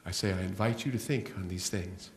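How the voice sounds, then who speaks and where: A middle-aged man giving an inspirational spiritual talk as guest speaker in a church hall, telling stories with slow, emphatic rises and drops. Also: low voice. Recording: roomy hall echo.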